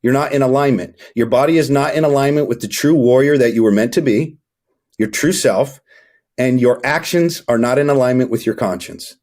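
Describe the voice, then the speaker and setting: A man's voice: medium pitch, brisk, a little mellow. A young man coaching fathers as a podcast guest, talking emphatically and preachily. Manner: emphatic, preachy, acts out scenes. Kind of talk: motivational interview talk.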